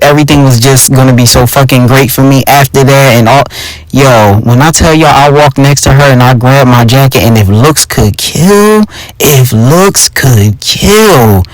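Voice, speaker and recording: A young adult man with a Philadelphia accent telling a personal story in a casual, profane, animated monologue as podcast host. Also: mid-range voice, dry recording, poor audio. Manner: animated, profane, addresses listeners as y'all.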